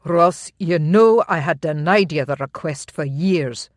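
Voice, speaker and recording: Firm, measured laird, assertive and unbothered; a romance-novel hero read by the narrator; dry, close sound. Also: mid-range voice, no echo, natural voice. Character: firm calm male Highland laird.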